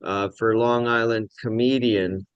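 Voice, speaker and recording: Low-voiced joking man on a call. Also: fairly even intonation, a little slow, clean tone, dry recording, highs cut off. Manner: jokey, rambling, playful. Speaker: podcast host. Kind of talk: casual video call chat. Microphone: video call.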